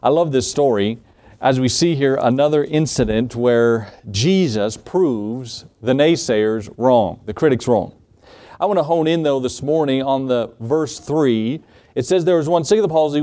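A man's voice: medium pitch, expressive, measured pace, dark tone. A man preaching a sermon, telling a scripture story in a folksy way and acting out the characters' voices. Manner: folksy storytelling, acts out voices, asks the congregation questions. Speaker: pastor.

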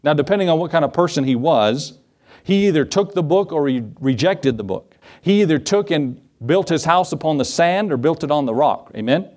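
A man's voice: fairly high pitch, expressive, normal speed, a little mellow. A man in the role of pastor, preaching a sermon in a church, conversational, with asides and questions to the congregation. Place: church sanctuary.

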